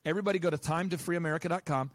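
A man being interviewed as a business coach and podcast host, talking in an animated, emphatic, rapid-fire way. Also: on the high side.

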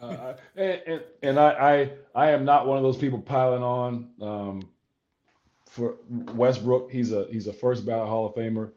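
Guest type: a measured man with a middle voice who stumbles into his points, dull lo-fi sound. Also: mid-range voice, fairly even intonation, darkish tone. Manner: measured, stammers into his answers. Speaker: guest basketball coach. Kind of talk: casual sports chat.

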